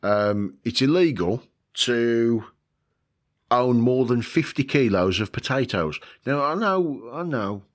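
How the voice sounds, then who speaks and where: A man's voice: mid-range voice, expressive, slow. A man, chatting casually in a rambling way, with chuckles, swearing and lots of fillers. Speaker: vlogger. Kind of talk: casual chat.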